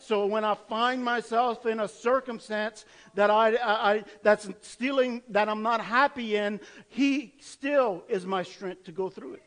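A man with a notably high voice delivers a sermon. He talks to his listeners in an earnest, conversational way and keeps posing rhetorical questions. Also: steady tone, measured pace, few pauses, fairly bright tone, poor audio. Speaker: pastor.

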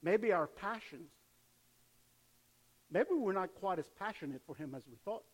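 Casting: older male pastor, high-pitched, animated sermon, church hall echo. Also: measured pace. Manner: animated preaching, acts out cheering fans.

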